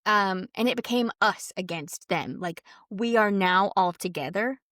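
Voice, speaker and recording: A woman co-hosting a podcast, telling a story in casual chat, full of "like" and quick quoted asides. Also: mid-range voice, fairly bright tone, no echo, clean studio sound. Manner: chatty, lots of "like", quotes people in quick asides.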